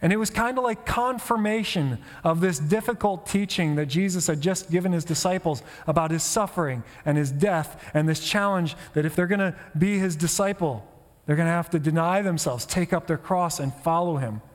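A man preaching a sermon in a relaxed, conversational way, often turning to the listeners with rhetorical questions. His voice sits a little higher than most men's, and a long reverb trails each phrase, as in a large hall. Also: moderate pace. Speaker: pastor.

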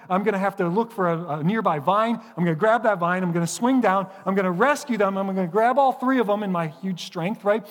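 A man in his thirties preaching a sermon, self-mocking and sarcastic, telling stories with lots of animation. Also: high-pitched. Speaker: pastor. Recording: long hall reverb.

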